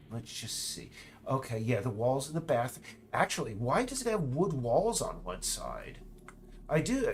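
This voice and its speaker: A man's voice: mid-range voice, a little hiss or hum. A middle-aged man chatting while he works on a game, drifting into tangents and restarting his sentences. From United States. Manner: rambling, tangents, frequent restarts and stammers. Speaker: indie game developer streaming. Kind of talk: casual rambling chat while working.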